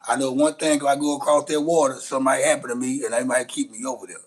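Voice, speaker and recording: Blunt husky man ranting. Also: medium pitch, steady tone, quick pace, rough recording. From Shreveport, Louisiana, USA. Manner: blunt, profane, rambling with restarts. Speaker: livestream host. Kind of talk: casual livestream rant.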